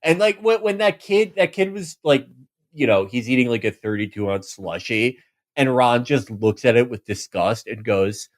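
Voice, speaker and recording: A man of middling pitch co-hosting a comedy podcast, with a voice that rises and falls a lot. He jokes in an animated way and slips into mocking impressions. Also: normal speed. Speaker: podcast co-host. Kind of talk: casual comedic chat.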